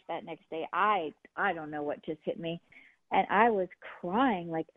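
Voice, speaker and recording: A woman's voice: on the low side, no room sound. Earnest woman on a tinny phone line. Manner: earnest, halting, with many restarts. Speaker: guest, healer and medium. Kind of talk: personal storytelling. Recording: phone-line sound, dry.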